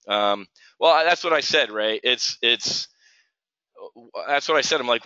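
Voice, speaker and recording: A middle-aged trading-stream host speaks in a mid-range voice at normal speed, pushed and bright yet smooth. His casual rant runs hot, and he stumbles and starts over frequently. The audio is dull, dry lo-fi.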